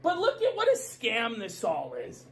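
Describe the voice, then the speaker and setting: A woman ranting in a commentary video, shouting in profane mock outrage. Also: on the high side, wildly swooping pitch, unhurried, slight background noise.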